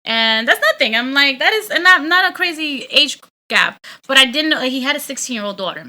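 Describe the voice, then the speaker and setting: Bright-voiced young New woman. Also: high voice, fairly quick. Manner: animated storytelling, frequent "like", swearing, laughing. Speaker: podcast guest. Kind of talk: casual chat.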